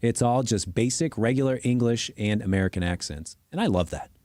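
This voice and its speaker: A man co-hosting a podcast, chatting casually about movies in an animated, joking, self-mocking way. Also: mid-range voice, brisk, no echo. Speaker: podcast co-host. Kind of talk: casual movie review chat.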